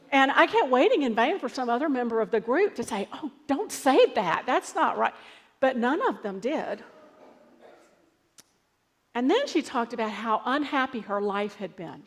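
A woman pastor preaches in a relaxed, story-driven way, her fairly high voice carrying a long reverb. She talks to the congregation as if chatting with them. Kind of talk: sermon.

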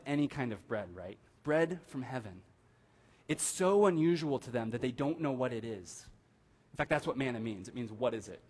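A young adult man, a pastor, gives a casual, conversational sermon in a church, often asking the congregation "right?". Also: a little high. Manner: conversational, asks the room "right?" often, animated quoting. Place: church sanctuary.

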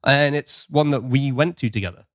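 A man's voice: medium pitch, normal speed, a bit bright, no room sound, clean studio sound. A man from Britain hosting a podcast, chatting casually and laughing often. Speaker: podcast host.

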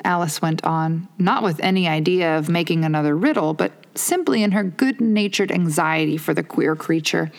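A woman reading a storybook aloud in a calm, unhurried, measured way. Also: fairly low pitch. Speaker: narrator.

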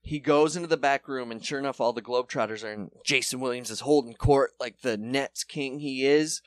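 A young adult man tells a long story in loose, casual chat on a podcast, with an average-pitched voice. He slips into high, excited voices when he quotes the people in it. The sound is dry and close. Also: fairly quick, no room sound. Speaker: podcast co-host.

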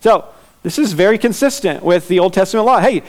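A man with a fairly high voice preaches through a passage verse by verse. He teaches earnestly and repeats his key questions so they land. He slows on his questions and quickens when reading scripture aloud. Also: expressive. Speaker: pastor. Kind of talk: expository sermon.

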